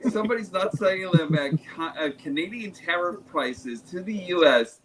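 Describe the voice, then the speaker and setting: A man chatting excitedly on a group video call, playful and animated. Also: high voice, moderate pace, noisy background. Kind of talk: casual group chat.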